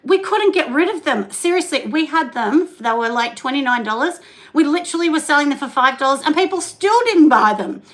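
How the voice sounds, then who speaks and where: A woman's voice: sits high, lively intonation, fairly quick, a bit bright, rough recording. A middle-aged Australian woman chatting casually on a livestream, greeting viewers and talking about her soap business, with lots of fillers. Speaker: soap maker hosting a livestream. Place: home studio.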